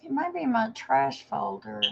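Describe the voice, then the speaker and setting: A woman's voice: high-pitched, lively intonation, moderate pace, vocal fry, darkish tone, breathy edge. A woman chatting on a livestream, rambling and apologetic as she talks to viewers by name. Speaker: livestream host. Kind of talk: casual livestream chat. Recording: dull lo-fi livestream audio.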